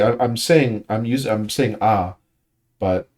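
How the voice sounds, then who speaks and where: A man's voice: medium pitch, lively intonation, measured pace, darkish tone. A man leading a language study group, explaining pronunciation casually and often restarting his sentences while he thinks. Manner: thinking aloud with frequent restarts and fillers.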